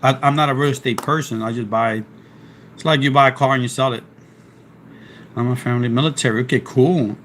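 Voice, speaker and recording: Brisk yet given to long pauses, this man's mid-range, slightly bright voice stays fairly even as he chats on a live stream and reads chat aloud. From South Philadelphia, USA, with a Philadelphia accent, he rambles and restarts while fighting a sore throat, over slight background noise.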